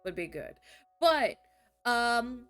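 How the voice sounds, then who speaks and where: High-voiced, bubbly woman streamer. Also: slow pace, clear, resonant tone, soft background music. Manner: animated, laughing, swears freely. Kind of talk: casual live-stream chat.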